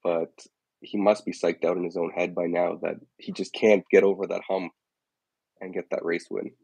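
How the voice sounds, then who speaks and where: A man co-hosting a casual chat, giving measured, thoughtful opinions. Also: deep voice, flat delivery, vocal fry, a little mellow, breathy edge, dry recording, low-quality recording. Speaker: podcast co-host.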